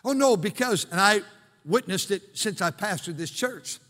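Older male pastor preaching, high, ringing voice, goes from shouts to hushes, long echo of a church hall. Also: lively intonation, normal speed. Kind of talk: sermon. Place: church sanctuary.

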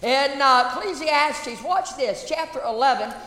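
A woman's voice: high-pitched, expressive, measured pace, a bit bright. A woman pastor preaching a sermon, emphatic, repeating phrases and calling out questions to the congregation. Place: church sanctuary. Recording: echoey church hall reverb.

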